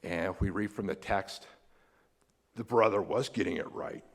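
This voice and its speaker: An American man preaching a sermon as a pastor, animated and acting out the people in the story with big jumps in voice. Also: moderate pace. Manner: animated, acts out quoted characters with big pitch jumps. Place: church sanctuary. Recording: long hall reverb.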